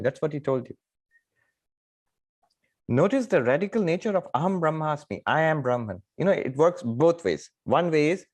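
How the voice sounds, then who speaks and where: A middle-aged man, a monk, teaching scripture in a spiritual lecture, telling stories with thoughtful pauses and emphatic rises in pitch and loudness. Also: lively intonation. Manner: thoughtful, pausing with fillers.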